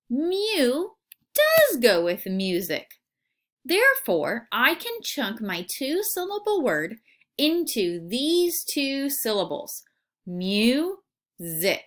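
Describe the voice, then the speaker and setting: A woman teacher giving a recorded phonics lesson for children, sounding out words slowly and asking the class questions. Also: a little high, a bit bright.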